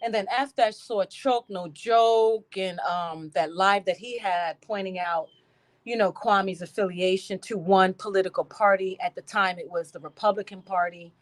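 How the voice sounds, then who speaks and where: A woman hosting a casual live stream, animated and laughing, greeting her chat by name. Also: mid-range voice, moderate pace.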